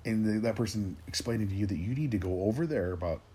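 A man in his forties ranting in a rambling, gruff way, swearing constantly and restarting his sentences as he talks to his listeners. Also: on the low side, lively intonation, brisk, darkish tone. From Tennessee, raised in Oregon. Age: 40s. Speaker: rant host. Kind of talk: profane solo rant.

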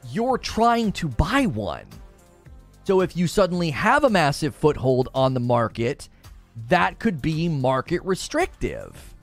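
A man streaming heated gaming commentary, sarcastic and animated, mocking viewers in put-on voices. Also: on the high side, measured pace, faint music behind.

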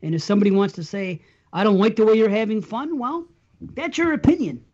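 A man's voice: high voice, brisk, a little mellow, slightly rough. A man hosting a casual podcast chat, easygoing and rambling, laughing often as he tells his stories. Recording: slightly muffled audio.

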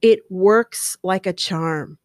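A middle-aged woman hosting a podcast, giving casual advice in a chatty, animated way and acting out little scenes. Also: lowish voice, slow pace, no echo, clean studio sound. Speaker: podcast host.

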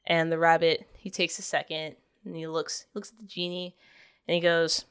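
A woman's voice: low voice, moderate pace, smooth. A woman guesting on a podcast, chatting casually and telling a long joke. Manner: relaxed, chatty, with fillers and laughter.

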